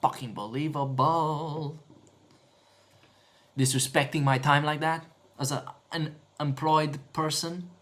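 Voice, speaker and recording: A man's voice: fairly high pitch, fairly even intonation, slow pace, pauses often, fairly bright tone. A man talking to himself while editing video, muttering and swearing in exasperation. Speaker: video editor streaming his work.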